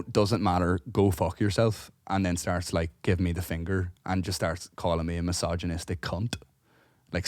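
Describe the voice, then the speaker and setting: Male co-host, low voice, close dry sound, lively storyteller who swears freely. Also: no room sound. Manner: animated, swears freely, acts out quotes. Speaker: podcast co-host. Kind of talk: casual storytelling chat.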